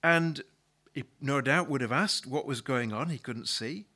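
A man's voice: medium pitch, a little slow, pushed and bright. A male pastor preaching a sermon, retelling a story in a conversational way and often repeating words as he restarts a thought.

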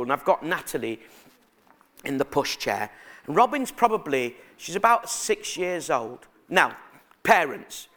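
A middle-aged man with a voice on the high side preaches a sermon. He tells family stories in a chatty, animated manner and poses questions to the congregation.

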